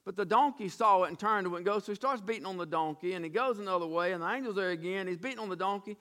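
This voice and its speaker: High-voiced, bright male preacher. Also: very fast. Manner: animated storytelling, emphatic repetition. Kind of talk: sermon.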